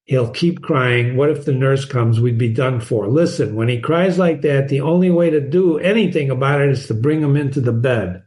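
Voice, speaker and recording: A man's voice: mid-range voice, moderate pace, few pauses, darkish tone, close to an everyday voice. A man reading aloud the lines of a frightened young mother pleading anxiously. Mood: worried.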